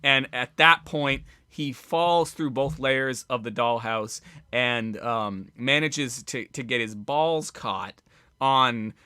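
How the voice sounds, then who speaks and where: A man co-hosting a casual comedy podcast, telling a rambling story with halting restarts. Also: mid-range voice, pushed and bright, smooth, no echo, studio quality. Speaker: podcast co-host.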